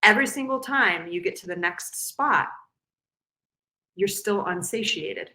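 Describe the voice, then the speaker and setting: Woman, podcast guest, animated, silly put-on voices, bright tone. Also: medium pitch, measured pace. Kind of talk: casual podcast conversation.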